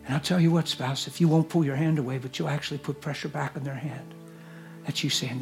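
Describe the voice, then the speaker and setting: A man preaching a sermon and leading prayer, earnest, moving between hushed whispers and loud exclamations. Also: medium pitch, fast talker, vocal fry, soft background music. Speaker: guest preacher. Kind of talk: sermon with altar call and prayer. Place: church service.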